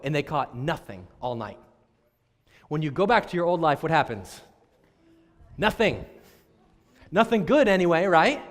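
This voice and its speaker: A man preaching a sermon as pastor, moving between loud and hushed delivery and acting out dialogue between characters. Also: on the high side. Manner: dynamic, swings from loud to hushed. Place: church sanctuary. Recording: long church hall reverb.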